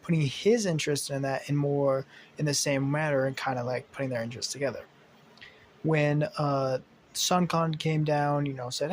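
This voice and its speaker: A man's voice: mid-range voice, fairly even intonation, moderate pace, slight background noise. A young man narrating an improvised fan story, rambling with many fillers and casual swearing.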